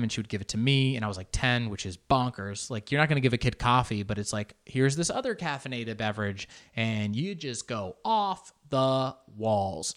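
A man hosting a casual solo podcast, talking in an animated, joking and profane way and slipping into Spanish words. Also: medium pitch. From Argentine family background. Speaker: podcast host.

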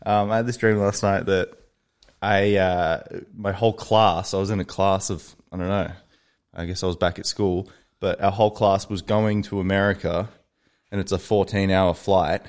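A man with a fairly low voice chats casually on a podcast. He rambles through a story, swears freely and drops into little character voices along the way. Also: fairly even intonation, normal speed, a little mellow, clean tone. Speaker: podcast co-host. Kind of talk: casual chat.

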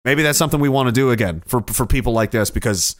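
A man hosting a casual livestream who rambles through viewer comments, cynical and quick to swear. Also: mid-range voice, no echo, clean studio sound. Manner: rambling, profane and cynical, with frequent restarts.

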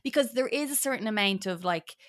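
A woman chatting as a podcast guest, rambling and animated. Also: on the high side, a little fast. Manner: rambling, animated, drops into mock voices. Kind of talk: casual chat.

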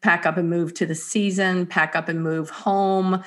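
A woman's voice: fairly low pitch, level tone, unhurried, a bit bright. A woman in her fifties from North Carolina with a Southern accent, telling stories as a guest in a casual interview. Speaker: guest speaker and writer.

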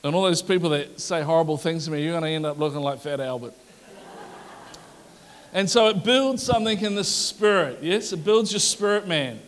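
A man's voice: fairly high pitch, moderate pace, long reverb tail. A man preaching a sermon as a pastor, conversational and joking, asking the congregation questions.

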